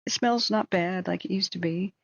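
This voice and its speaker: A woman quoting her careless female neighbor in a higher, breezy, dismissive voice. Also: moderate pace, gravelly, dry recording, highs cut off.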